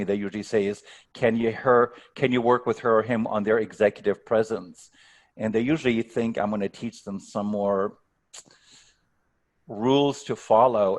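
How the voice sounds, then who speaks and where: Male speaking coach, fairly low-pitched, earnest, stumbles into restarts, heard over a video call. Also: darkish tone. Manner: earnest, stumbling restarts, leaning on key words. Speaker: speaking coach, workshop guest. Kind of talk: coaching advice in a Q&A.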